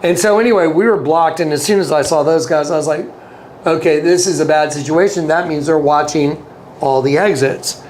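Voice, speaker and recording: A man's voice: on the high side, normal speed, darkish tone, slight background noise. A man telling a personal story as an interview guest, earnest, often repeating himself and acting out quoted dialogue. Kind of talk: casual storytelling.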